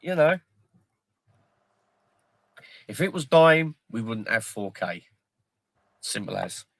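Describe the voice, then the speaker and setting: Male host, mid-pitched, sweary and jokey, dry close sound. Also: measured pace, creaky, no room sound. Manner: sweary, jokey, retells film scenes excitedly. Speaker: livestream host. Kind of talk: casual livestream chat.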